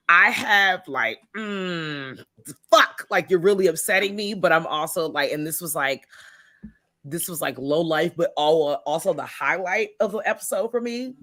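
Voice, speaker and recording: Bright-voiced woman cohost gushing and cussing on a chatty podcast. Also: on the low side, a little slow, no echo, clean studio sound. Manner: animated, swears freely, laughs a lot. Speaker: podcast co-host. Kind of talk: casual chat.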